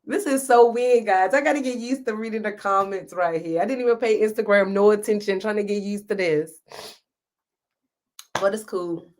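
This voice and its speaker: A woman's voice: mid-range voice, moderate pace, a little mellow. A woman, hosting a live stream and talking to her viewers in an impassioned, preachy way, close to tears. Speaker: host reading live comments. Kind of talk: emotional live-stream commentary.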